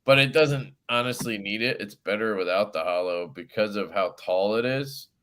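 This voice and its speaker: A man in his own voice, hosting a relaxed livestream chat. He talks in a loose, easygoing way, full of fillers and the odd swear word. A faint hiss sits under his voice. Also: fairly low pitch, normal speed. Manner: laid-back, swears casually, frequent fillers. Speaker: host of a knife livestream.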